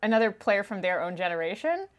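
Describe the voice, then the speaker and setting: A woman's voice: medium pitch, big pitch swings, quick pace. A woman hosting a casual podcast chat, laughing often as she talks. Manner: giggly, laughs often between lines. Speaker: podcast host.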